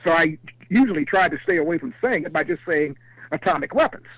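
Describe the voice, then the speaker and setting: Animated high-voiced male panelist. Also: fast talker, husky, dry recording, poor audio. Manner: animated storyteller. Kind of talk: casual live panel chat and storytelling.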